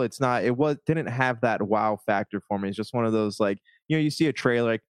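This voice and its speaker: A man co-hosting a casual movie discussion, hedging and thinking out loud as he talks. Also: lowish voice, fairly quick, hardly any pauses, clear, resonant tone, no room sound.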